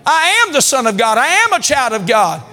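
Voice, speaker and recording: A man preaching a sermon as pastor, calling for amens and building to shouts. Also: extremely high pitch, sing-song, moderate pace. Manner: preaching with call-and-response, rising to shouts. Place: large church hall. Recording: long church hall reverb.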